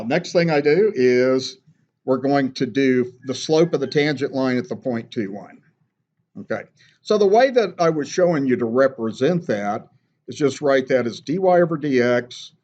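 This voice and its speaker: A man's voice: mid-range voice, a little mellow, highs cut off. A man teaching a math class, patiently walking through steps and checking in with "okay?". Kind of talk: classroom lecture.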